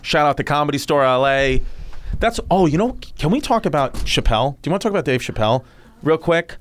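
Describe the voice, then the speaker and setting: Smooth-voiced man rambling on a podcast. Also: fairly high pitch, animated, quick pace. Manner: rambling, enthusiastic, full of restarts. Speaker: podcast host. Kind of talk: casual podcast chat.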